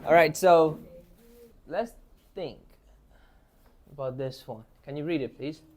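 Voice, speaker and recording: A man's voice: on the high side, slow, crowd noise. A man teaching an English class, asking students questions and modeling phrases for them to repeat. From Myanmar. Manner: encouraging, asks questions, models phrases for repetition.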